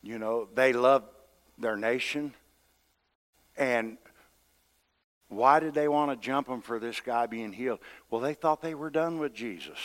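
A pastor with a mid-range voice preaches to his church a little slowly, leaving long pauses. His style is conversational and story-driven, and he acts out the lines of the people in his stories. A long hall reverb hangs over the recording.

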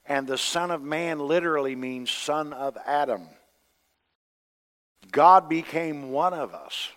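Preacher, male, slightly high voice, conversational sermon delivery with acted-out quotes, long hall reverb. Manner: conversational preaching, acting out quoted voices, swings between loud and soft.

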